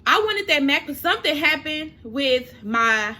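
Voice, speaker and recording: A woman's voice: sits high, expressive, measured pace, noisy background. A young woman, chatting casually through a storytime while doing her makeup, emotional and at times close to tears. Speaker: makeup vlogger.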